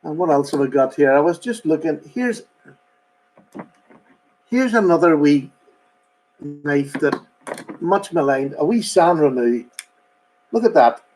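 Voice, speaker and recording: A man's voice: on the high side, expressive, unhurried, long pauses, darkish tone, rough recording. A man hosting a casual live stream, rambling chattily and greeting viewers by name. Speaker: host.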